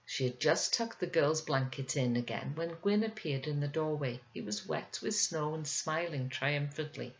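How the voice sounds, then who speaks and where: A woman reading a children's novel aloud in a measured, gentle way. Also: sits low, lively intonation, lo-fi sound. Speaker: audiobook reader. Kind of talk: scripted narration.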